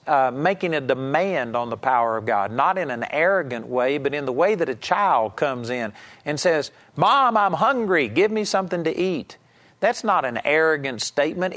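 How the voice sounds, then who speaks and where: Emphatic man preaching on television. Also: mid-range voice. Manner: conversational, emphatic teaching with asides to viewers. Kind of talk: televised sermon.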